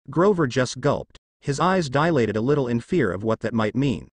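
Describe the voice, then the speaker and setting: A man reading fan fiction aloud in an expressive way. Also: medium pitch, moderate pace, hardly any pauses, no echo. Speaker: narrator.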